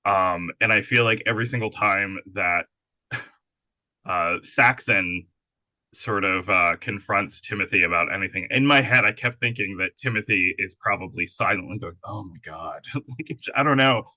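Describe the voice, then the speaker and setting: A man's voice: on the low side, moderate pace, pushed and bright, no room sound, low-quality recording. A man interviewing an actor, chatting casually and often chiming in with short agreements. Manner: friendly, frequent short agreements. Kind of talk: conversational interview.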